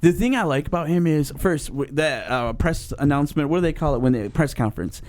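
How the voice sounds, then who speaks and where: Man, podcast regular, a bit higher-pitched, outspoken and crude. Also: animated, a little fast, a little mellow, slight background noise. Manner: outspoken, asks blunt questions, swears freely. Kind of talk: casual podcast chat.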